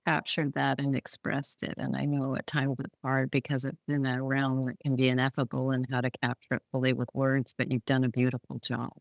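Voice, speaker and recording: Gravelly, flat-voiced woman host. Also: very deep voice, brisk, hardly any pauses. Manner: gentle and admiring. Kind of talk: warm interview praise.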